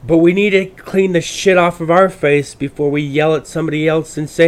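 A man's voice: fairly high pitch, flat delivery, fairly quick. A man from the United States hosting a podcast, delivering a profane political rant that rambles and restarts often. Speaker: podcast host. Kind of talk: ranting political monologue.

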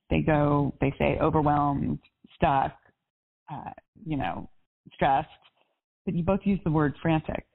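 A woman life coach on a coaching call, chatty and upbeat, with lots of casual fillers. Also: low voice. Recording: tinny phone line.

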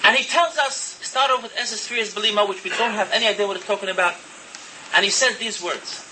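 Casting: male preacher, very high and piercingly bright voice, earnest and impassioned sermon delivery. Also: brisk, slight background noise, rough recording. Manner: earnest, impassioned, mixes Hebrew terms into English. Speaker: religious speaker.

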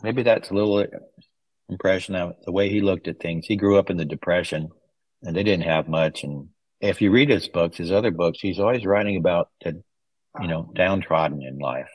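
A man with a very low, deep voice tells rambling stories in a casual interview. He slips into livelier voices when he quotes people. The recording is dry and close. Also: normal speed, no echo, poor audio. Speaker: guest, author's son. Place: West Coast wine region home.

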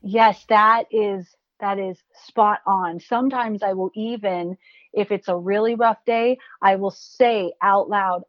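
Forties woman, earnest podcast guest, medium pitch, slightly dull dry recording. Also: normal speed, no echo. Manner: earnest, reflective, acts out quotes vividly. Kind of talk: casual podcast conversation.

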